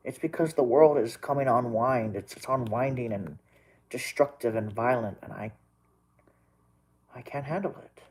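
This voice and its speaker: A man's voice: medium pitch, normal speed, a little mellow, slight background noise, poor audio. A young man from Texas, a storm chaser vlogging, rambling emotionally and crying as he repeats himself. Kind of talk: emotional vlog rant.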